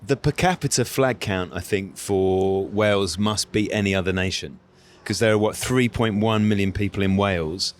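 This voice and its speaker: A man with a somewhat low voice hosts a casual interview. He asks his guest friendly, conversational questions. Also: normal speed, hardly any pauses.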